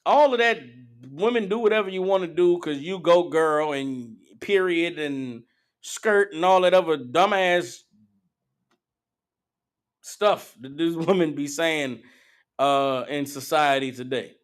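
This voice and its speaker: A man's voice: on the high side, slow. A man preaching a blunt, profane street-style sermon, slipping into mocking impressions. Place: meeting hall.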